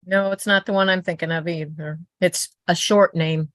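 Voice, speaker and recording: A woman's voice: on the low side, fairly even intonation, normal speed, fairly bright tone, dry recording. A woman quilter in casual video-call chat, often restarting as she hunts for names. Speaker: quilter in an online group chat.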